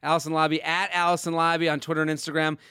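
A man hosting a podcast, chatting casually and joking with quick asides. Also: a little high, level tone, bright, forceful tone, smooth, no room sound, studio quality. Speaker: podcast host.

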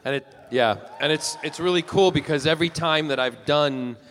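A man's voice: a little high, moderate pace, fairly bright tone, slight background noise. A Scottish-born man speaking with an American accent, chatting as a guest on a live podcast, with frequent restarts. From Scotland. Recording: live theater with hall reverb.

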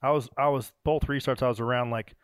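A man hosting a podcast who is also a race driver, telling animated stories in casual chat and swearing now and then. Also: medium pitch, quick pace, clear, resonant tone, no room sound.

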